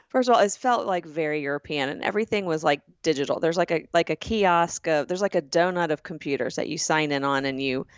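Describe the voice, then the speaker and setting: Southern woman co-host, lively storyteller, slightly dull, dry sound. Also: low-pitched, brisk, smooth, dry recording. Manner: animated storyteller, acts out voices. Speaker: podcast co-host. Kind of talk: casual chat.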